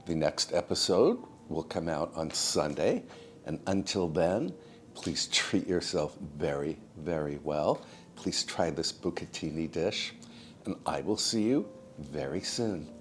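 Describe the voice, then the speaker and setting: A very deep-voiced man talks viewers through a home cooking vlog at a slow, easy pace. He is soft-spoken and homey, like he is chatting with friends. A faint low rumble sits behind his voice. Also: lively intonation. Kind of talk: gentle cooking vlog narration.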